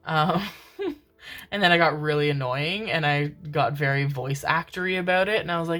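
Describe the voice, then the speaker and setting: A woman with a notably low voice reads tarot cards for her viewers in a loose, chatty way. She keeps calling them "my darlings" and laughs at her own slips. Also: normal speed, fairly bright tone. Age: adult parent. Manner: chatty, self-mocking, calls listeners "my darlings", laughs often. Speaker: tarot reader. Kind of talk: casual tarot reading to viewers.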